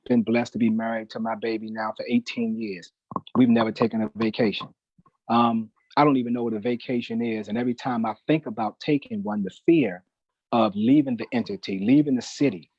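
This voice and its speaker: A man's voice: mid-range voice, darkish tone, husky, dry recording, lo-fi sound. A middle-aged man telling a personal testimony in an emphatic, preacher-like way, often calling the host brother. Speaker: guest, newspaper manager.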